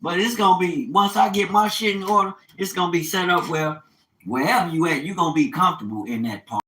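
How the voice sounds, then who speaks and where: A man's voice: sits high, fairly quick, sharp tone, reverberant, slight background noise, rough recording. An older man in an unscripted monologue, ranting in a profane, preachy way and quoting scripture with fire. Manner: quotes scripture, fiery preaching tone. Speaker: vlogger.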